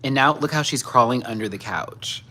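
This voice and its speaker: A man's voice: mid-range voice, moderate pace. A man hosting a casual livestream, chatting and cooing in baby talk at his pets. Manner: sing-song, cooing, animated. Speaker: livestream host.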